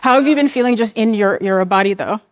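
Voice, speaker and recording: A woman's voice: mid-range voice, fast, no echo. Woman interviewer, easy conversational. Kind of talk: casual interview.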